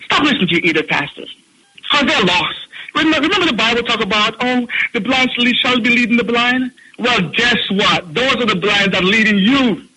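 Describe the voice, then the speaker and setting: A man's voice: very high-pitched, expressive, fairly quick, background noise. A man with a Jamaican accent calling in to a talk show, scolding and mocking in a heated rant. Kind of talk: heated ranting monologue.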